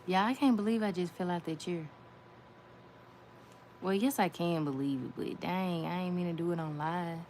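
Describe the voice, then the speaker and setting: A woman's voice: lowish voice, normal speed, pauses often, a little mellow. A woman giving a casual nail art tutorial, chatty, repeating her phrases and talking to viewers as y'all. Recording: faint background noise.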